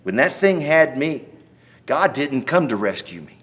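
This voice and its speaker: Guy telling his testimony, folksy and rambly, acts stuff out, lots of restarts, average pitch. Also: measured pace. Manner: animated storyteller, acts out scenes and hollers quoted cries. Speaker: church member giving testimony. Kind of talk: personal testimony told in an interview.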